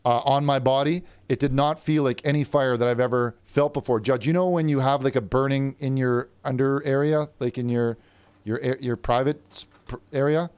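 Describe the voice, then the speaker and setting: A man's voice: mid-range voice, fairly even intonation, normal speed, a little mellow, clear, resonant tone, dry recording. A man improvising as a plaintiff in a comedic mock trial, stammering and repeating words as he talks. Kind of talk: comedic improvised courtroom role-play.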